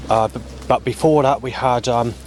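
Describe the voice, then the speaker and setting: A man rambling through a spoken log of his day, halting often with ums and restarts. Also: medium pitch, a little hiss or hum. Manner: halting, many ums and restarts, flat recounting. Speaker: vlogger.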